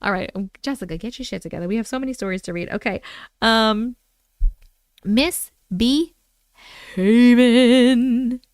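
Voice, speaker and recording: A woman's voice: mid-range voice, quick pace, fairly bright tone, no room sound, studio quality. A woman hosting a casual livestream from home, chatting with viewers, greeting them by name and laughing often. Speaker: livestream host.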